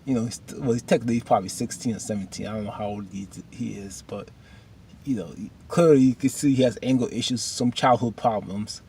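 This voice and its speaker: A man's voice: mid-range voice, brisk, creaky, mellow, slight background noise. A man casually recapping a TV episode, chatty and slangy, rambling with restarts.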